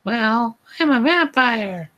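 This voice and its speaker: Brief: male reader doing a shrill falsetto teen goth vampire girl, gushing and overblown. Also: animated, slow, sharp tone, dull audio, exaggerated voice.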